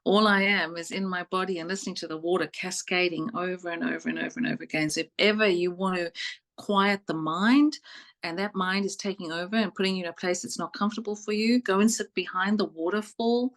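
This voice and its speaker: A woman's voice: lowish voice, fairly even intonation, brisk, a bit bright. A woman from South Africa with a South African accent, appearing as a psychic guest on a talk show. She is chatty, laughs easily and repeats her phrases. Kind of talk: casual interview chat.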